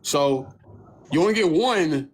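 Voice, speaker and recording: This young male livestream host talks slowly in a fairly high-pitched voice while streaming on his phone. His storytelling is casual and lively, packed with profanity, and he mockingly imitates what other people said.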